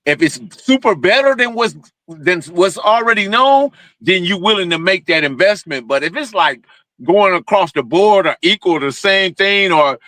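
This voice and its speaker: A man hosting an interview with a high, bright voice. He chats casually in slang and agrees readily. The sound is dry and close. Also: lively intonation, no room sound. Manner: slangy, affirming, quick to agree. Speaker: host. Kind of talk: casual chat.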